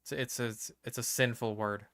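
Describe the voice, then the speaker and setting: Bright-voiced joking game streamer. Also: male voice, mid-range voice, fairly even intonation, normal speed, dry recording. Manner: rambling, joking, stammering restarts. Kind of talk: casual gaming commentary.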